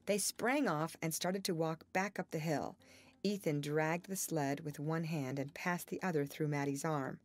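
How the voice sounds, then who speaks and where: A woman narrates a classic novel as an audiobook reader. Her delivery is measured and expressive, and her voice sits a little low. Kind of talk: scripted narration.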